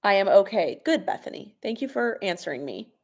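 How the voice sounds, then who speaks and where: A young adult woman vlogger hosts a live stream from her home kitchen, talking into a propped-up laptop or phone camera. Her mid-range voice is sing-song and fairly quick; she reads viewer comments, laughs often, and sounds a little sniffly from a cold.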